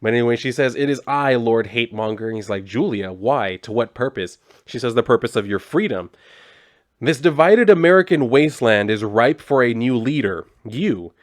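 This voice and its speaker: A man's voice: medium pitch, lively intonation, moderate pace. Man, comic reviewer, sarcastic asides, casual recap, reads dialogue aloud.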